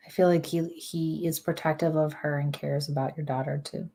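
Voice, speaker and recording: A woman working as a medium, giving a live psychic reading in a halting, hesitant way with many fillers. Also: low-pitched, flat delivery, mellow, slight background noise.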